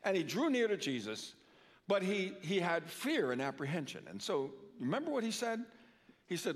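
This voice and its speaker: A man's voice: sits high, big pitch swings, normal speed. An older man preaching a sermon in a church, earnest, often repeating words for emphasis. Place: church sanctuary. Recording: long reverb of a church hall.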